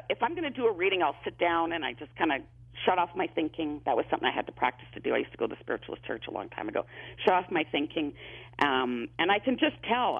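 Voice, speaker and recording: Fast, gravelly man on a phone line. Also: a little high. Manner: chatty, repeats words, many restarts. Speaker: psychic medium guest. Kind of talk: phone-in interview, storytelling.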